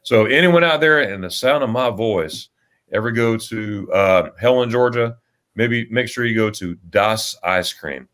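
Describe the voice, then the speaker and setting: A man with a fairly low voice hosts a relaxed livestream chat. He rambles through stories, stopping and restarting with plenty of fillers. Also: measured pace. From United States. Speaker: livestream host.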